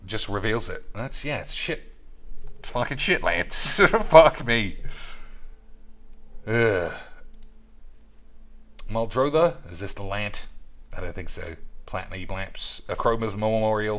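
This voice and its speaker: A man's voice: on the low side, animated, measured pace, fairly bright tone. A man streaming casually, chatting in profane, sardonic banter with his viewers. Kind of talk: casual live-stream chat.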